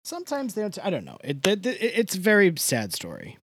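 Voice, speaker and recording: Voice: medium pitch, huge pitch swings, fast talker, fairly bright tone, slightly rough, dry recording. A podcast co-host in casual chat, ranting with passion and swearing a lot.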